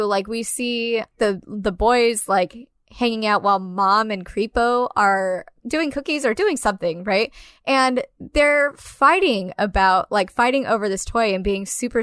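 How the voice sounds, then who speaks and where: A woman's voice: on the high side, unhurried, fairly bright tone, clear, resonant tone, no room sound, studio quality. A woman co-hosting a podcast, talking casually and animatedly about a film, with lots of "like" fillers and the odd swear. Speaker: podcast co-host.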